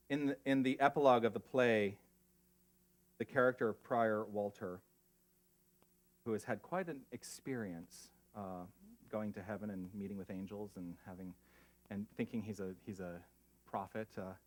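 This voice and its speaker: A man preaching a sermon as spiritual leader, earnest and emotional, moving between hushed reflection and lively asides. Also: lowish voice. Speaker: pastor.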